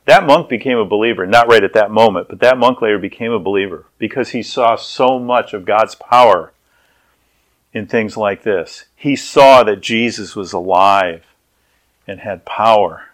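A man's voice: fairly low pitch, normal speed, fairly bright tone. A man preaching a sermon, telling a story in a conversational way that often repeats and restarts words.

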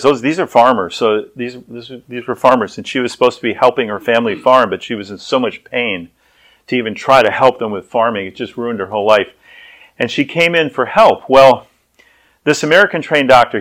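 A man's voice: medium pitch, a bit bright. A man preaching a sermon, telling a story in a conversational way that often repeats and restarts words.

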